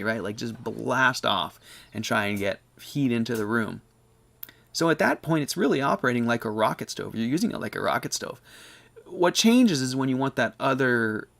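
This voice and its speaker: A man's voice: medium pitch, vocal fry. A man hosting a casual live chat, explaining at length in a rambling, self-correcting way. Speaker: host of a live stove chat. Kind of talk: casual live-stream chat answering questions.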